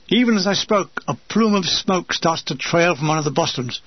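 A man narrating a wartime memoir aloud with wry, lively storytelling. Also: fairly high pitch, normal speed, few pauses, slightly rough, dry recording, lo-fi sound.

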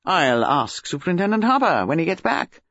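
A woman voicing a courteous, grave older gentleman who speaks in a measured, polite way. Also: lowish voice, sing-song, no echo, exaggerated voice. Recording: slightly dull lo-fi audio.

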